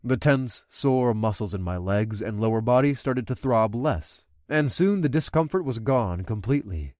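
A man's voice: medium pitch, expressive, moderate pace, darkish tone, dry recording, studio quality. A man narrating an adult fantasy audiobook, doing the main character's dialogue himself.

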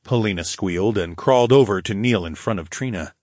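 Husky low-voiced male audiobook narrator. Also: a little fast, no room sound, studio quality. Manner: steady, low growling delivery. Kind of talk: first-person fantasy audiobook narration.

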